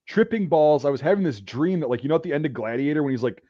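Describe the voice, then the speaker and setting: A man's voice: a little high, animated, quick pace, warm tone, no room sound. A man hosting a podcast, telling a rambling war story in casual, profanity-heavy talk. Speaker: podcast host. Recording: dull dry recording.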